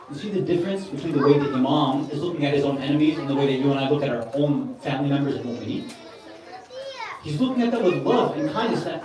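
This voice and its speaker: A man's voice: fairly high pitch, lively intonation, fast, crowd noise. Brief: male preacher, earnest and conversational, recorded far off in a big echoey hall. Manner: earnest, conversational, with Arabic religious terms. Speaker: speaker at a Muharram gathering. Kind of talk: sermon. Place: large hall with a gathering.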